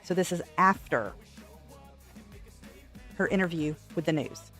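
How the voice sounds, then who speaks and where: Woman commentator, sarcastic, dry delivery, lower voice, faint music under. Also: animated, a little slow, fairly bright tone. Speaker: commentary channel host.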